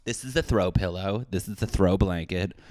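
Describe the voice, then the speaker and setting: A man in his thirties hosting a solo comedy podcast from his hot apartment, animated and swearing with jokey asides. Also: sits low, moderate pace, no echo, clean studio sound. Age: 30s. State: sweating in a hot room. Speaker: podcast host. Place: small apartment with windows shut.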